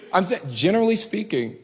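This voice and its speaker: A man performing a stand-up comedy routine on a club stage, animated and crowd-baiting, swearing freely and acting out other people. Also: high-pitched, big-room sound, background noise.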